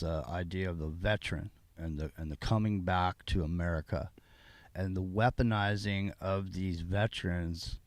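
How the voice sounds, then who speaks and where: A man's voice: low voice, dry recording. A man co-hosting a late-night political talk show, ranting and often restarting his sentences. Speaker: podcast co-host.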